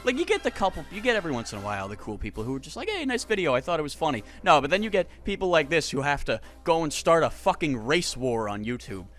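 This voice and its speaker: A man's voice: on the high side, very animated, fast, hardly any pauses, soft background music. A man in a casual commentary video, reading online comments aloud and mocking them in a sarcastic, exasperated, profane way, with stammered restarts and chuckles. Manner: stammering restarts and swings from loud to muttered. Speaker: YouTuber reacting to comments.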